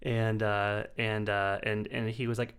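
Animated male podcast co-host. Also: lowish voice, unhurried, smooth. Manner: animated storyteller, acts out his own shouts; swears freely, laughs while telling. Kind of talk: casual chat.

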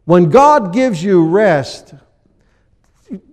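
A man preaching a sermon as pastor, acting out people in little scenes with lively energy. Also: on the high side, moderate pace, long reverb tail. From USA.

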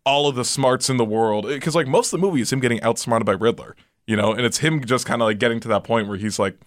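A man's voice: mid-range voice, quick pace, no echo. Rambling young-sounding man, dry mic. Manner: rambling, many fillers and restarts. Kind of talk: casual movie discussion.

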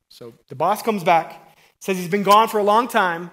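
Speaking at a moderate pace, a middle-aged man delivers a lively sermon in a conversational way. His slightly high male voice swings from loud, punched emphasis on key words to quiet asides that are almost whispered.

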